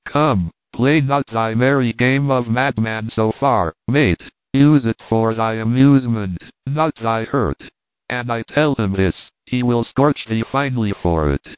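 A man's voice: medium pitch, unhurried, dry recording, close to an everyday voice. A man reading the part of a scheming, mocking young vagabond thief. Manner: bullying, scoffing. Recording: dry, phone-like narrow sound.

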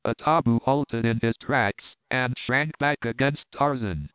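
A man's voice: medium pitch, unhurried, clear, resonant tone, no echo. Man narrating an adventure audiobook. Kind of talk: scripted narration. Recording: dry, tinny phone-like sound.

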